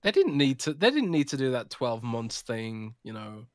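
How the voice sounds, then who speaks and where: Relaxed man musing in casual chat. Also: medium pitch, normal speed, dry recording, clean studio sound. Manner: relaxed, musing, laughs easily. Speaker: podcast co-host.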